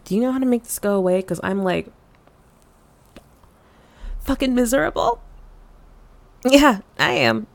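A woman's voice: a little high, animated, measured pace, vocal fry, long pauses, dry recording. A woman voicing a flustered, frustrated young woman in an audio role-play, stammering and swearing with many fillers.

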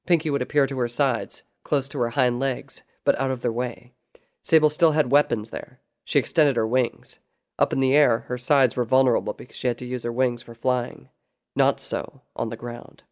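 A narrator reading a fan fiction story aloud in steady, even storytelling. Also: mid-range voice.

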